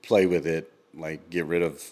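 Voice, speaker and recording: A man co-hosting a podcast in casual chat, rambling with lots of ums and quick laughs. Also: very deep voice, steady tone, darkish tone. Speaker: podcast co-host.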